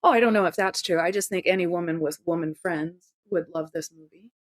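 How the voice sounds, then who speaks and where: A woman's voice: fairly low pitch, fairly quick. A woman from the Southern United States chatting on a film podcast in a dry, easygoing, playful way. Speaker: podcast guest co-host. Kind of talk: casual film podcast chat.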